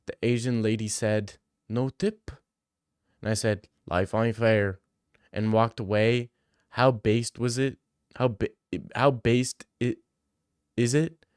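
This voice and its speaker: A man's voice: mid-range voice, little pitch movement, measured pace, darkish tone, clean tone, no room sound, clean studio sound. A young man hosting a casual livestream. He reads out viewers' questions and answers in a joking, slang-heavy way. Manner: slangy, joking, reads chat questions aloud then riffs. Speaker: livestream host answering chat.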